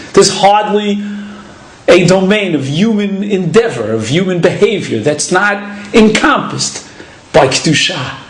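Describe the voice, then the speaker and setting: A rabbi delivers a measured, deliberate lecture, explaining each point step by step. His voice sits high for a man. The room is echoey and reverberant. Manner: measured, deliberate teaching delivery with Hebrew terms. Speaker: rabbi giving a Torah class.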